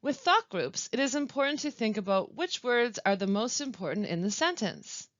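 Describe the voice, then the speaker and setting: Woman, webinar instructor, clear deliberate delivery, dry dull lo-fi recording. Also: a little high, expressive, a bit bright, no echo. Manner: clear, deliberate teaching delivery with careful pauses. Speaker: language support specialist.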